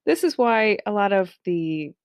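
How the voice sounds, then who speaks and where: A woman in her thirties teaching an online speaking course, with clear, carefully articulated and expressive delivery. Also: mid-range voice, a little slow, no echo. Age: 30s. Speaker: instructor.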